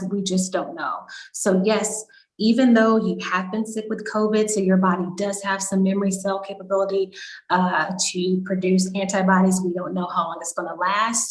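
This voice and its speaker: Woman doctor answering health questions, roomy echo. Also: medium pitch. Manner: reassuring, explanatory, frequent "you know". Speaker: doctor panelist. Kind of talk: town hall health Q&A.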